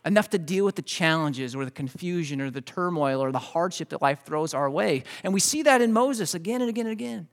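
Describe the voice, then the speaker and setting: High-voiced pastor preaching conversationally. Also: male voice, expressive, fairly quick, few pauses. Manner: conversational storytelling, repeats words; addresses congregation directly. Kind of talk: sermon.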